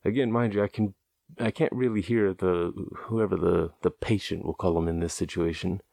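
Man, deep voice, casual rambling storytelling, amused, profane, dry close sound. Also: fairly even intonation, normal speed, gravelly, dark tone, no echo. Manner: rambling, amused, loose and profane, chuckles at his own story.

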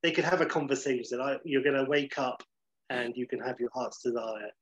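A man chatting casually as a podcast host, enthusiastic, with quick asides and the odd swear word. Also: medium pitch. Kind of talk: casual chat. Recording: slightly dull, lo-fi sound.

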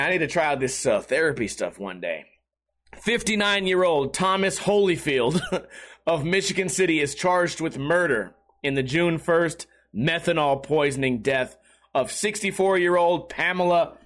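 A man's voice: high-pitched, a bit bright. A man hosting a podcast, talking casually with sarcasm and lots of swearing, often slipping into mocking voices. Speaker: podcast host. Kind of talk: casual comedic podcast monologue.

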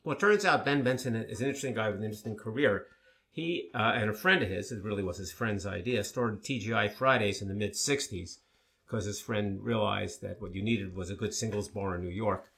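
A man co-hosting a casual talk show, telling stories in a relaxed way with many fillers. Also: on the low side, a little fast, gravelly. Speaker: co-host. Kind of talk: casual conversational chat.

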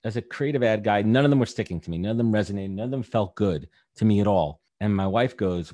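A man's voice: sits low, fast talker, mellow. A man in his thirties talking candidly as a podcast guest, rambling with lots of fillers. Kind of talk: casual podcast chat.

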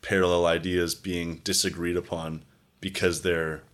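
Young male co-host with a very deep voice; loose, rambling delivery, full of "like" and casual swearing. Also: flat delivery, measured pace, a bit bright. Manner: rambling, heavy "like" fillers, swears freely. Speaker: podcast co-host. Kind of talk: casual chat.

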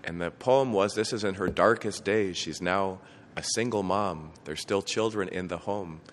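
A man's voice: sits low, normal speed. A man, a bishop, preaching a homily, telling a family story in an earnest way with small restarts. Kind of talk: sermon. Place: church. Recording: long reverb from a church, faint noise.

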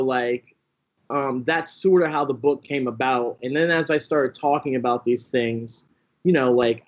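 A young man speaks as an interview guest, with a slightly husky tone. He tells his story in a loose, animated way, full of "like" and "you know", and he mimics other people's voices. The recording sounds dull and lo-fi. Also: medium pitch. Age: young adult. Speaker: pastor and author, interview guest. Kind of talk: casual interview talk.

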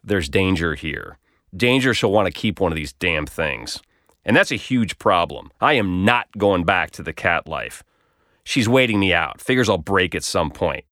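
Wry low-voiced male storyteller. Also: animated, normal speed, sharp tone, no echo. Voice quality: wry, dry humor. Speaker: blogger telling his own story. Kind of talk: scripted narration.

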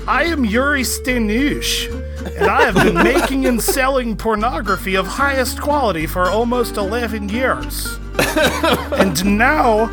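Drunk guy doing a sleazy foreign smut salesman, bad fake accent, slow pitchy spiel, music over it. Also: heavily acted. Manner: clumsy put-on accent, giggly, pitchman delivery. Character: sleazy male foreign porn filmmaker, broken English.

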